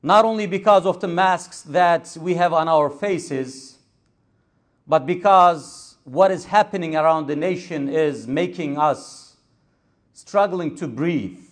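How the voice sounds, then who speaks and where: A man gives a sermon from the pulpit in a fairly high voice. He speaks in a measured, emphatic way and builds on repeated phrases. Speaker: imam. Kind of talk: Friday sermon. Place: mosque.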